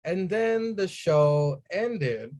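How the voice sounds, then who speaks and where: A man co-hosting a casual wrestling podcast, swearing freely and acting out his own excited reactions. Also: high-pitched, very slow. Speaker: podcast co-host.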